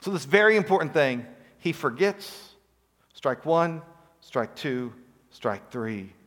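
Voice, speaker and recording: A man's voice: fairly high pitch, expressive, slow pace, a bit bright, in a large hall. A man preaching a sermon, telling a story with acted-out quotes and rhetorical questions. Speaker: pastor.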